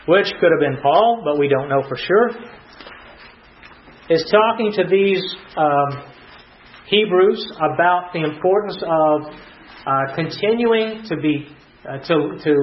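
A man preaching an expository sermon to a congregation, teaching verse by verse with repeated phrases and fillers. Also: on the high side. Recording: roomy, dull recording.

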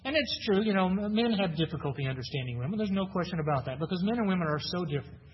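A man's voice: sits high, lively intonation, racing, a little hiss or hum. A man preaching a sermon, teaching through a Bible passage in a conversational way, often asking his listeners questions and repeating himself. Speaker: pastor. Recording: dull lo-fi recording with long hall reverb.

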